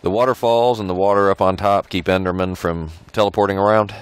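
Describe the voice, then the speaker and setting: Deep-voiced easygoing man host. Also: fairly even intonation, brisk, clean tone, no echo. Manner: easygoing, asks questions, chuckles. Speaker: video host. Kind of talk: casual game tour chat.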